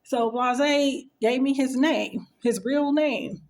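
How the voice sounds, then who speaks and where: A woman's voice: high voice, slow pace, darkish tone. A woman telling a personal story in a casual, conversational way. She often stops to act out what others said. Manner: conversational, acts out quoted dialogue, frequent fillers. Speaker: storyteller sharing a personal experience.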